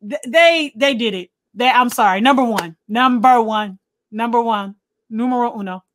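A woman co-hosting a casual movie review podcast, excitable, laughing often and swearing casually. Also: a little high, moderate pace, a little hiss or hum. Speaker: podcast co-host.

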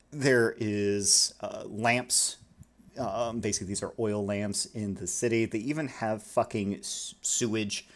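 A man as game master, narrating a tabletop game in a rambling, casual way with many fillers and some swearing. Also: fairly low pitch.

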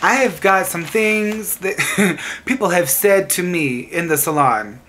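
A woman's voice: on the low side, expressive, takes it slowly, fairly bright tone. A woman hairstylist telling sassy, exasperated stories to camera about rude salon clients, laughing as she goes. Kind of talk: venting storytime to camera.

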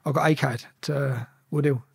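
A man telling a story as a podcast guest, animated and profane, acting out the shouted exchanges. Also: medium pitch, brisk, creaky, husky.

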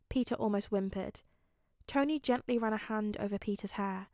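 A woman narrating a fan fiction audiobook with clear, steady storytelling. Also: medium pitch, normal speed, no room sound, studio quality. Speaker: podfic reader.

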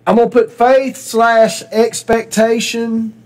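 A man, his voice pitched high for a man, teaches a church Bible class. He talks in a relaxed, conversational way, puts questions to the group and repeats back what they say. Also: slow.

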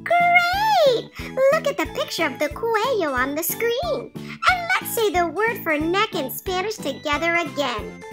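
A woman's voice: extremely high pitch, big pitch swings, normal speed. A woman voicing a cheerful little girl puppet who teaches in a sing-song, encouraging way in a children's puppet lesson. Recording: children's music playing behind.

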